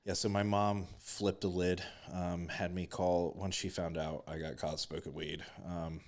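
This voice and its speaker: A young man with a very deep, low voice tells long stories in an easygoing podcast chat. He swears freely and keeps a loose, unhurried flow. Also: little pitch movement, a little mellow. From West Virginia. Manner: laid-back storyteller, swears freely. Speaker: podcast guest.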